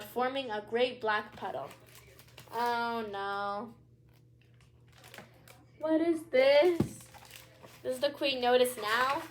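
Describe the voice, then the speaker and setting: A young woman reading a children's book aloud, with chatty asides and small stumbles. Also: on the high side. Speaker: read-aloud storyteller.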